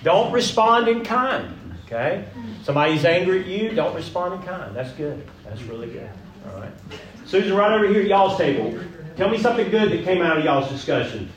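A man leading an interactive sermon, folksy and animated, asking the room questions. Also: sits high, a little fast. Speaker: pastor leading a group session. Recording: roomy echo, mic at a distance.

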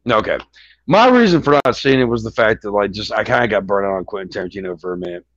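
A man's voice: lowish voice, animated, fast, a bit bright, no echo. Rambling, swearing man on a dull dry mic. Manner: rambling, swears a lot, many restarts. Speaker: podcast co-host. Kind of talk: casual chat about movies. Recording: dull lo-fi sound.

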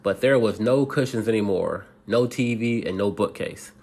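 A man casually reading a bedtime story aloud, halting and restarting often and laughing at himself along the way. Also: on the low side, darkish tone.

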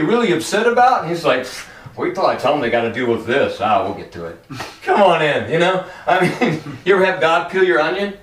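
A man gives a sermon in a lively, swooping voice a little high for a man, speaking to the room like a friend, joking and acting out quick quoted dialogues. The animated, conversational delivery is picked up by a distant mic, giving a roomy sound from a few steps back.

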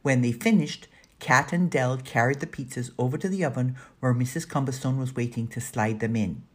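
A woman narrating a children's audiobook in a lively, expressive storytelling manner, with a breathy voice. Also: very deep voice, moderate pace.

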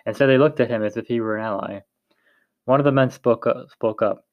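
A man's voice: medium pitch, a little fast, no room sound, lo-fi sound. A man reading a story aloud in a plain way, with frequent slips and restarts. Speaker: narrator.

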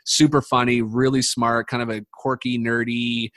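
A man's voice: mid-range voice, level tone, normal speed, fairly bright tone, no room sound. A young man from the United States, a podcast guest, telling a long story in casual chat, swearing freely and full of fillers and restarts.

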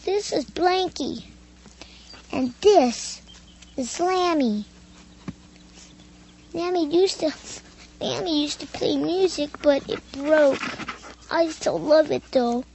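An actor voicing a small, sweet, shy boy who talks softly and haltingly in a radio drama. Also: extremely high pitch, slight background noise, full character voice, poor audio. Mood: tender. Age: child. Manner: soft, halting little-boy chatter.

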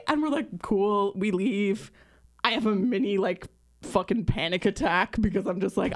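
At normal speed and a fairly high pitch, the woman, a podcast co-host in her thirties, recounts a story casually and acts out each person's voice with animation.

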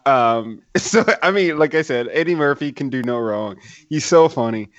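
A man's voice: mid-range voice, lively intonation, moderate pace, no room sound, dull audio. A man co-hosting a casual movie podcast, laid-back and full of "like" fillers. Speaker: podcast co-host.

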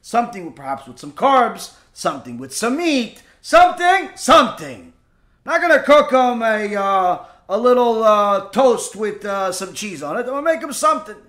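A man teaching a Torah lesson through lively, animated storytelling with asides and fillers. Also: high voice, normal speed, hardly any pauses. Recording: echoey room.

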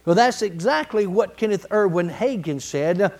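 A man preaching a sermon in a folksy, colloquial way, building to emphatic repeated phrases and clearing his throat now and then. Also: high voice, lively intonation, normal speed, darkish tone. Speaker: pastor.

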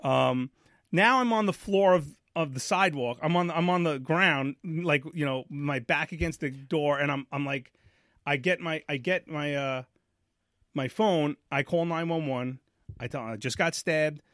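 A man's voice: a little high, measured pace, dry recording, studio quality. A man, animatedly telling a story on a podcast and acting out the voices in it. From New York. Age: 40s. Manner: animated, acts out voices in his story, repeats himself. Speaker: podcast host. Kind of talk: casual storytelling chat.

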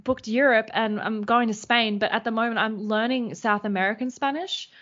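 A woman's voice: fairly high pitch, fairly even intonation, normal speed, fairly bright tone. A woman co-hosting a podcast, chatting casually and retelling stories with lots of fillers. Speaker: podcast co-host. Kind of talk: casual chat. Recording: slightly dull lo-fi sound.

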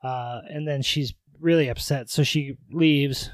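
A man's voice: mid-range voice, steady tone, unhurried, no echo. A man co-hosting a podcast, recapping a movie in casual chat and acting out the characters' lines in raised voices with frequent laughs. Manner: acts out quotes in raised voices, laughs often. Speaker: podcast co-host.

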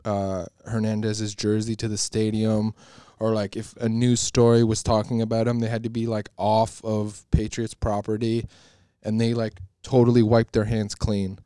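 A man's voice: on the low side, normal speed, hardly any pauses, clean tone, dry recording, studio quality. A man co-hosting a casual podcast chat, swearing freely and acting out what others said. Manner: profane, animated, acts out quotes of others. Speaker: podcast co-host.

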